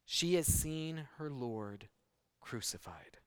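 A man preaching a sermon, dramatic and full of rhetorical questions, moving from hushed lines to loud, emphatic peaks. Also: on the high side, unhurried, smooth.

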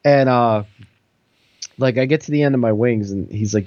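A man's voice: fairly low pitch, steady tone, a little fast, darkish tone, dry recording, lo-fi sound. A man co-hosting a podcast, telling a rambling story full of fillers in casual chat. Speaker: podcast co-host.

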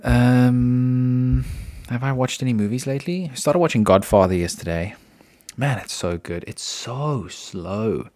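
Low-voiced man rambling casually. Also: a little mellow. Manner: rambling, chatty, with frequent "you know" and restarts. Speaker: podcast host. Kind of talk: casual solo monologue. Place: indoors at home.

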